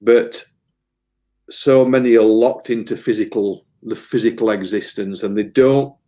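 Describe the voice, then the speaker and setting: A man's voice: fairly low pitch, steady tone, a little slow, dark tone. A man, a medium giving an earnest, emotional interview, often repeating words as he rambles. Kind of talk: casual spiritual interview talk.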